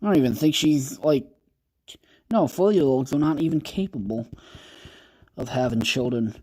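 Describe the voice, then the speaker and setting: A young man around twenty rambles through his livestream chat with a mellow, dark-toned voice. He jokes and swears freely and drifts off topic. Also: mid-range voice, normal speed, slightly rough. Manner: rambling, profane, joking. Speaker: podcast host reading creepypastas on a livestream.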